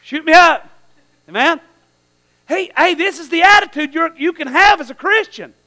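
High, bright-voiced folksy preacher man. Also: moderate pace. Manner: folksy, animated preaching with repeated calls of amen; breaks into shouts at high points. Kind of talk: sermon.

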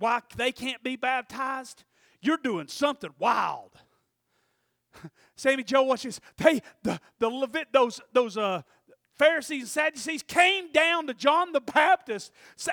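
A male pastor preaching a sermon, telling stories animatedly, acting out voices and rising to shouts. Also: very high-pitched, no echo, clean studio sound.

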